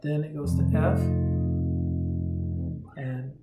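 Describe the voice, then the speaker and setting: A man giving a relaxed, conversational guitar lesson, sometimes humming rhythms aloud. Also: a little high, takes it slowly. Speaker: guitar teacher. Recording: roomy sound with guitar playing.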